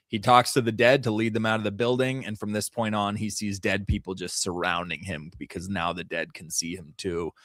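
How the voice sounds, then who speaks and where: A man's voice: on the low side, a bit bright, no room sound, clean studio sound. A man hosting a casual podcast review, retelling scenes animatedly and laughing often. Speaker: podcast host.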